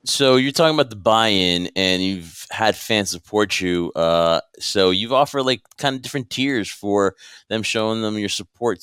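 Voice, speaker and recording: A man hosting an interview, relaxed and agreeable, summing up his guest's points. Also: deep voice, clean tone, dry recording, studio quality. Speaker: host.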